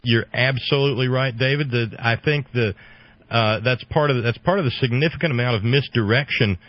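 A man hosting a call-in talk radio show, talking fast and loose with jokes. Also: medium pitch. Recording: slightly muffled radio broadcast.

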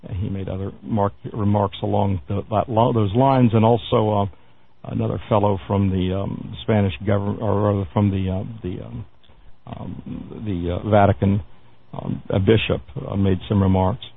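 A man hosting a radio talk show, commenting on the news in a halting way, with many fillers, restarts and wry asides. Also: lowish voice, gravelly. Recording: phone-like lo-fi radio broadcast.

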